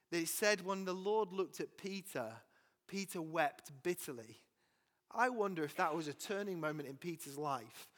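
A pastor delivers a sermon, reading scripture slowly and stopping to reflect. His voice sits a little high for a man, and it carries a long church-hall reverb. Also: a bit bright. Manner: reads scripture aloud with pauses and personal asides.

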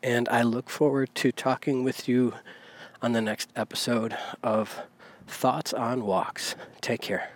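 A man's voice: mid-range voice, level tone, slow pace. A man hosting a podcast, talking in a loose, rambling way with many fillers and self-corrections while he walks outdoors. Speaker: podcast host. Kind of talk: casual spoken monologue. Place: outdoors, on a walk down a village street. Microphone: handheld recorder.

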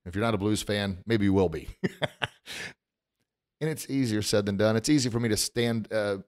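Animated, emotional middle-aged podcast host. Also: male voice, lowish voice, normal speed. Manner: emotional, animated, laughs at himself. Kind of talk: motivational podcast monologue. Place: recording studio. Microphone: studio microphone, standing.

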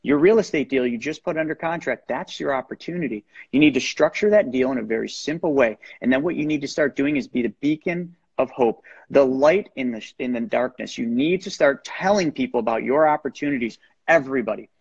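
An energetic, persuasive man coaching listeners like a preacher. His voice is gravelly and a bit husky. The sound is dry and lo-fi, as if it came over a remote call. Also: mid-range voice, brisk, hardly any pauses, dry recording. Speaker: guest, real estate lender. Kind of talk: motivational coaching talk. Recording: dull lo-fi sound.

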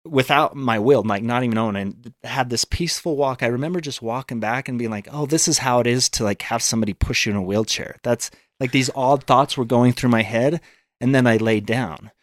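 A man's voice: mid-range voice, no echo, studio quality. Earnest man telling a personal story. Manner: earnest, acts out quoted thoughts. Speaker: guest. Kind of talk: storytelling in a podcast interview.

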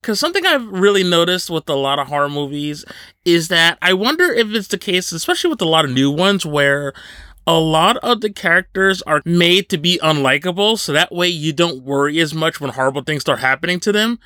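Chatty bright-voiced man hosting an interview. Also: on the high side, lively intonation, fairly quick, no room sound. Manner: chatty, laughs often, many fillers. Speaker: podcast host. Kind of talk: casual interview chat.

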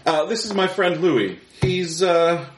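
A man's voice: a little high, animated, unhurried, recorded from a distance, voice pushed up. A man voicing a nervous husband who is flustered and forcedly polite. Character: nervous husband hurrying a guest out. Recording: roomy with faint noise.

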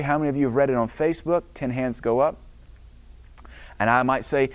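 A man's voice: medium pitch, moderate pace, no room sound. A middle-aged man preaching a sermon as pastor, emphatic, with a preacherly cadence as he quotes scripture.

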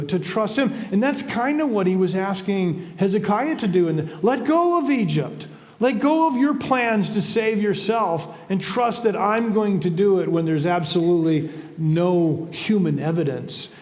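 A pastor preaching in a high voice, conversational and full of rhetorical questions. He often stumbles and repeats words. The sound carries the long reverb of a church sanctuary. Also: darkish tone. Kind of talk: sermon.

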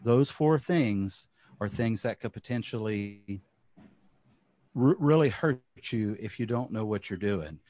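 A man with a Southern US accent who co-hosts a podcast and talks in a relaxed, talkative way, often repeating words as he starts a sentence. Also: on the low side, unhurried, no echo. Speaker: podcast co-host. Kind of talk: casual chat.

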